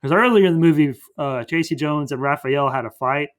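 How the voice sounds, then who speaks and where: A man's voice: fairly high pitch, fairly quick. A man hosting a podcast, casually recapping a movie in a rambling way full of fillers. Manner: rambling, filler-heavy retelling. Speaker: podcast host.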